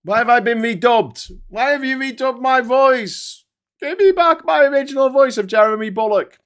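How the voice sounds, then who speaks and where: A man's voice: very high-pitched, normal speed, a bit bright, pitched above the performer's own voice. A man voicing an indignant male bounty hunter in a helmet, complaining in a whiny, theatrical way.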